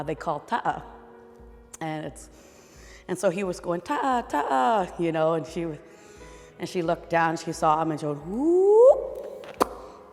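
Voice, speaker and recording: A woman telling a traditional legend in a relaxed, conversational way. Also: sits low, long reverb tail. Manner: relaxed, conversational, with fillers and restarts. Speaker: storyteller.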